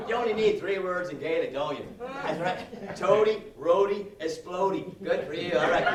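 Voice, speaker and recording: At a live venue, a man with a voice that sits high performs a comedy set with his guitar, talking a little fast with few pauses. He teases the audience and tags his lines with "all right?", while a distant mic in a roomy space picks him up over the guitar music.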